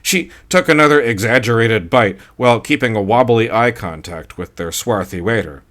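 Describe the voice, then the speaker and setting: A man narrating a short story in a dry, steady storytelling manner. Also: on the low side, moderate pace. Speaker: audiobook narrator. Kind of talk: scripted narration.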